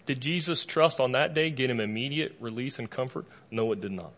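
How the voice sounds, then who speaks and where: A man preaching a sermon to a live congregation in a lively, conversational way, with casual asides and humor. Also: mid-range voice, fairly quick. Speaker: pastor.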